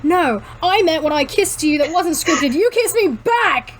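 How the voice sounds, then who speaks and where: A woman's voice: very high voice, expressive, a little slow, slight background noise, voice pushed up, poor audio. A woman reading the lines of a brash young male actor from a fan story and attempting an accent. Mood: insistent.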